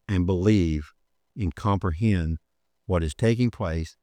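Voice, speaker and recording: An older man preaching a sermon, telling a story and rising to emphatic points, then slowing down to read scripture. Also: deep voice, warm tone, dry recording.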